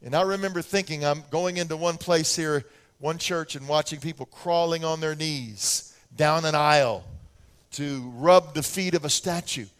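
Older american guy preaching, lively storyteller, voice sits a bit high. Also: normal speed, clean tone. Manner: animated storytelling, acts out voices of his kids. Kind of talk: sermon.

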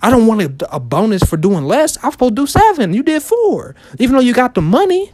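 A man's voice: very high voice, big pitch swings, fast, darkish tone, no echo. A man in his thirties talking casually to his viewers in a loose, repetitive way, full of fillers and restarts. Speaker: vlogger and shoe reseller. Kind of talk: casual motivational talk to camera.

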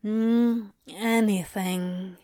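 A woman's voice: takes it slowly, dry recording, clean studio sound, close to an everyday voice. A woman doing a sulky, drowsy male demon. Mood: dreamy. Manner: low, grumbling, dreamy.

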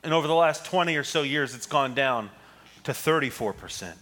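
A man preaches in a relaxed, conversational style, and his ums and small asides come between the points of the sermon. His voice sits in an ordinary middle pitch. A long hall reverb trails after his words. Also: brisk. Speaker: pastor.

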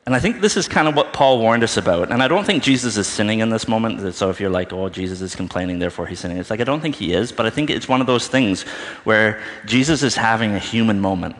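A man's voice: fairly low pitch, animated, fast talker, a bit bright, long reverb tail. A man giving an informal, conversational sermon, thinking aloud and often checking in with "right?". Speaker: preacher.

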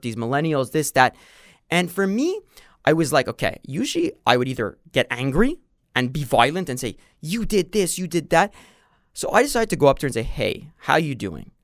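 A man's voice: medium pitch, a bit bright, dry recording, clean studio sound. A man talking casually on a podcast, telling a story and acting out the quoted exchanges. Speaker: podcast guest. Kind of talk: casual conversation.

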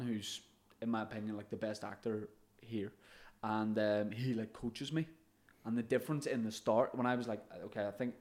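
A man's voice: mid-range voice, a little mellow. A man, a comedian and podcast co-host, telling stories in casual chat, laughing often and swearing now and then.

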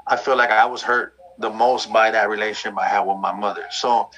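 A man's voice: on the low side, level tone, a little fast, fairly bright tone, slight background noise, poor audio. A man talking candidly and reflectively about his past in a loose, conversational way. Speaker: guest sharing his story.

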